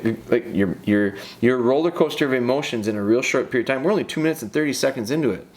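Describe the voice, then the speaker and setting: Here the delivery is rapid-fire with hardly any pauses, in a medium-pitched male voice. He casually breaks down a dog training video, coaching the handler directly and repeating phrases for emphasis.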